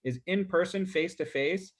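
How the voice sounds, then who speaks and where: A man's voice: sits high, normal speed. Chatty male sales coach, full of fillers. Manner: loose and chatty, with many fillers and repeated words. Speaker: real estate sales coach. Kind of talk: casual coaching on a group video call.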